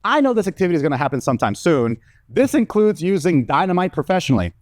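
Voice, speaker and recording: A man's voice: on the high side, sing-song, quick pace, darkish tone, no room sound, clean studio sound. A man from Mexico in his thirties doing a stand-up comedy set, loose and profane, often laughing at his own jokes.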